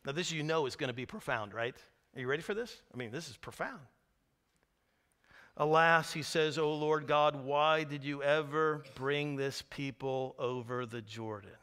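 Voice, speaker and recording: At a moderate pace and in a mid-range voice, a man gives a sermon as pastor. He tells the story energetically, voicing the screams and cries, and goes quiet and hushed whenever the moment turns solemn.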